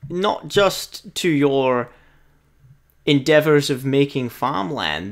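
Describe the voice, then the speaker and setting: A man's voice: mid-range voice, fairly bright tone. A man playing a blunt, intimidating male half-orc mercenary who haggles firmly over pay in a tabletop role-play. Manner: firm, bargaining, threatening undertone. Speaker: player.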